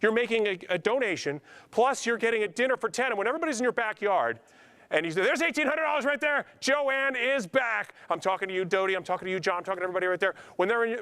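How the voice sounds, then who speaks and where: A man's voice: high-pitched, fairly bright tone. A man running a charity auction, calling out bids and coaxing named bidders with nonstop talkative banter. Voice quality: talkative, gift of gab. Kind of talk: live charity auction patter.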